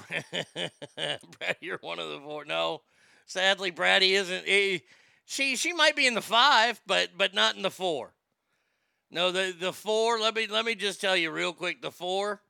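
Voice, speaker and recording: A man's voice: high-pitched, measured pace, creaky, sharp tone, clean tone, dry recording, clean studio sound. Stammering, boastful male show host. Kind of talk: casual chat.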